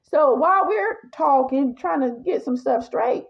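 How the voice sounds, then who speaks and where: A blunt, animated woman tells a personal story in casual storytime style and talks right to her viewers. Her voice sits fairly high, and the recording is dull and lo-fi. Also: a little slow, vocal fry. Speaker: vlogger telling a personal story.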